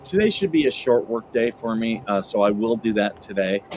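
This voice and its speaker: A man with a lowish voice talks on a livestream call. He hesitates and restarts, often apologising. Faint noise sits under the call audio. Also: lively intonation, normal speed, a little mellow, poor audio. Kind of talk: casual chat on a livestream call.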